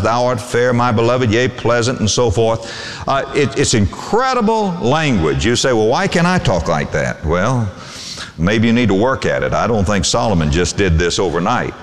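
A man preaching a sermon as pastor, reading scripture aloud in old English and swinging his voice up and down for emphasis. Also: medium pitch. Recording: long hall reverb.

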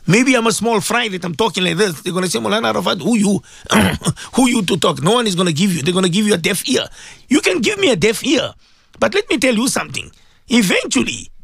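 South african guy on talk radio, high gravelly voice, lots of repeating himself, clears his throat a lot. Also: a bit bright, no room sound, studio quality. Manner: emphatic and repetitive, with frequent filler sounds and throat clearing. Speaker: radio talk show host. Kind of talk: impassioned radio commentary.

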